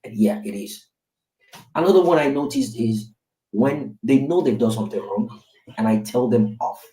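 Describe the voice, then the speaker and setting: At a normal pace, a dark-toned, mid-range male voice shares a candid personal story. The speaker is a Nigerian father in his thirties in reflective, casual podcast talk, often tagging his sentences with "right?", recorded roomy on a distant mic.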